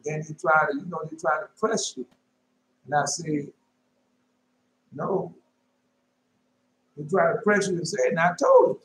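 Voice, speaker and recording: A man preaching informally and telling a dream, emphatic, repeating his phrases and jumping into sudden high shouts. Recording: echoey room with faint noise.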